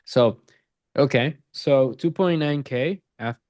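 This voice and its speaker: A man's voice: medium pitch, takes it slowly, darkish tone, no echo. A man giving coaching commentary on a sales roleplay, praising and repeating his points for emphasis.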